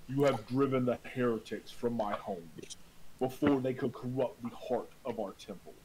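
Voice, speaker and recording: A man voicing a solemn ghostly male temple priest, speaking slowly and formally in a tabletop game. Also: mid-range voice, darkish tone, slight background noise, lightly acted, low-quality recording. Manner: slow, formal, grave.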